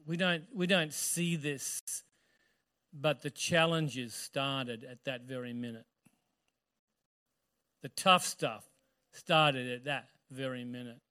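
A male pastor preaching a sermon, retelling a story with animated questions to the congregation. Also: mid-range voice, slow, pauses often, smooth.

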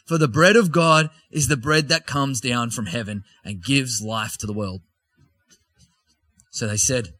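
A man's voice: medium pitch, animated, normal speed, pushed and bright, no room sound. A man preaching a sermon, reading scripture and breaking off into conversational asides and jokes with the congregation.

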